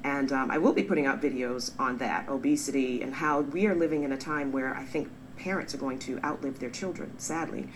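Woman in her forties, low voice, earnest and defensive, straight-to-camera vlog, faint background hiss. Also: a little fast, hardly any pauses, rough recording. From born in England, raised in the US. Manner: earnest, defensive, animated emphasis. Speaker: vlogger, pediatrician. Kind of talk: direct-to-camera response video.

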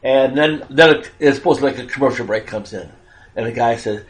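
A man's voice: medium pitch, a little fast, poor audio. A man in casual political chat, animatedly retelling jokes and acting out their voices.

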